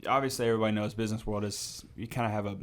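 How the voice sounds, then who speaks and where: A man's voice: fairly low pitch, fairly even intonation, very fast. A man co-hosting a podcast in casual chat, agreeable and reflective, often restarting phrases and saying "right, right.". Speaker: podcast co-host.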